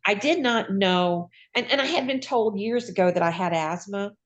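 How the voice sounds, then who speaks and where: A woman, a retired nurse, telling her own patient story in a lively, folksy conversational way. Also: medium pitch, normal speed. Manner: lively, acts out voices in quoted dialogue. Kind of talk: personal storytelling.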